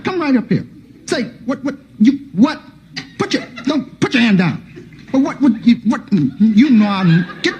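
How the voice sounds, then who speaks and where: A comedian voicing a menacing father who sputters halting threats at his son. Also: very high-pitched, big pitch swings, voice pushed up. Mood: threatening. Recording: noisy old TV broadcast.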